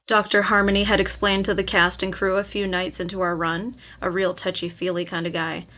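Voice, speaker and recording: A woman's voice: fairly low pitch, a little fast, few pauses. A woman narrating a first-person novel as an audiobook, telling it expressively. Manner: expressive storytelling with acted quotes.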